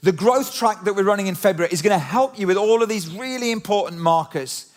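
Man, high-pitched, lively conversational sermon, church stage mic. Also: brisk. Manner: animated, conversational preaching with rhetorical questions. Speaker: pastor. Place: church auditorium.

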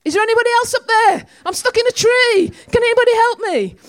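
A woman voicing a panicked man stuck in a tree on a cliff, shouting for help in a much higher voice. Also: quick pace, close to an everyday voice. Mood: desperate shouting.

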